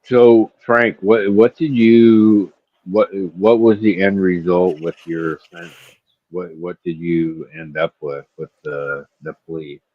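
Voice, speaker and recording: Deep-voiced man pressing for details. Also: steady tone, takes it slowly, no echo. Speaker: host. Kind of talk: casual interview. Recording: dull dry lo-fi sound.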